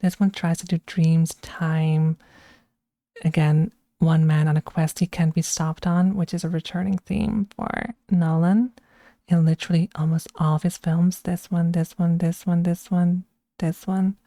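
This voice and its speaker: A woman streamer chatting casually and giving her opinions in an unhurried way. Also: lowish voice, little pitch movement, warm tone, no echo, clean studio sound. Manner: unhurried and opinionated, with frequent restarts. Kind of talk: casual chat, ranking films.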